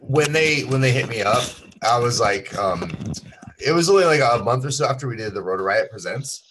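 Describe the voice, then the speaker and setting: A man hosting a casual livestream chat, laid-back and swearing a lot, often trailing off quietly. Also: mid-range voice, lively intonation, brisk, slight background noise, poor audio. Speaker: FPV drone pilot, stream host.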